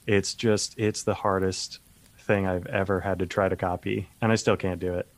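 A man's voice: deep voice, little pitch movement, moderate pace, no room sound. A man co-hosting a podcast, chatting casually and easily with some nerdy enthusiasm. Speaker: podcast co-host. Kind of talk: casual chat.

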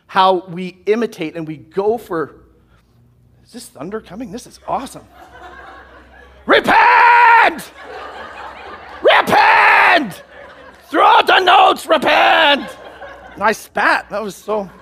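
A man's voice: high voice, a bit bright. A male pastor preaching a sermon in a conversational way to a church congregation, often asking "right?". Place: church hall.

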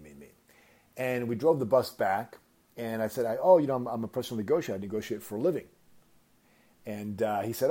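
A man hosting a podcast, telling a story in a casual, animated way and acting out the quoted lines. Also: fairly low pitch, breathy edge. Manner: animated anecdote with acted-out quotes. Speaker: podcast host.

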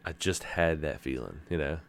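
A man's voice: extremely low pitch, moderate pace, creaky. A man co-hosting a casual gaming podcast, telling stories with energy and putting on voices when he quotes others. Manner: animated storyteller, slips into voices when quoting others. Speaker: podcast co-host.

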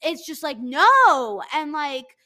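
High bright-voiced young woman ranting. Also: normal speed. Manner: profane, animated, mock-angry ranting. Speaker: podcast host. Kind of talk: casual comedic rant. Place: home desk. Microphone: headset.

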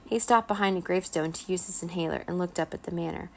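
A woman reading a children's chapter book aloud at bedtime. Her voice has a gravelly, creaky texture, and her reading is gentle and expressive. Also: on the low side, fast, slight background noise. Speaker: children's story reader. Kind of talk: bedtime story read-aloud.

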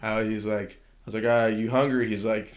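This is a man with a somewhat low voice, chatting casually as a co-host. He tells his stories with a joking edge and throws in goofy voices for the people he quotes. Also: level tone, brisk. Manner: joking storyteller, does silly voices. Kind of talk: casual chat.

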